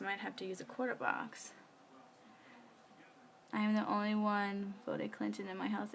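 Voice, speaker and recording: A woman's voice: fairly low pitch, fairly bright tone, a little hiss or hum. A woman, chatting casually while she works on her planner during a live stream, rambling with many fillers. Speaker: planner vlogger. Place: home.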